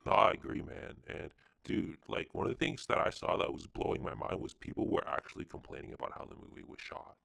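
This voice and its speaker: A man hosting a podcast, chatting casually about films in a slangy, animated way. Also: a little fast, hardly any pauses, dry recording. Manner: slangy, animated, says dude and bro. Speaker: podcast host. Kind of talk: casual film chat.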